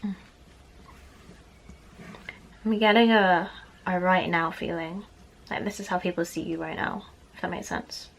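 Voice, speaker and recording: A woman's voice: fairly low pitch, fairly even intonation, moderate pace. A young woman giving a casual tarot card reading from the floor of her bedroom at home, chatty and apologetic, a little out of breath and easily distracted. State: slightly out of breath. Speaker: tarot reader.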